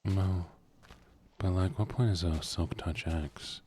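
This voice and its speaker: A man streaming a game in a quiet, soft-spoken way, drawling and sometimes dropping to a whisper, close to a desk mic at home. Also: low-pitched, slow, a little hiss or hum.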